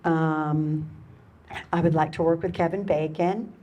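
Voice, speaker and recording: An older woman, an actress answering questions as a panel guest in a relaxed, frank, easygoing way. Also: low voice, measured pace, lo-fi sound, slight background noise. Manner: relaxed, laughs easily, frank. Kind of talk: casual convention panel chat.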